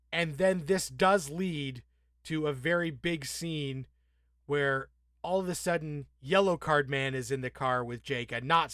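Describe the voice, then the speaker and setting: Podcast guy, kinda high voice, swears a lot, acts out the scenes, dead dry mic. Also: no echo. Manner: profane, animated, acts out characters' lines. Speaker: podcast co-host. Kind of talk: casual TV recap discussion.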